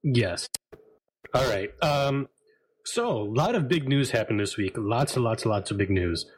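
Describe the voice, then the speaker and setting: A man hosting a casual group podcast, easygoing and quick to laugh as he introduces the guests. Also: medium pitch, very animated, breathy edge, low-quality recording. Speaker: podcast host.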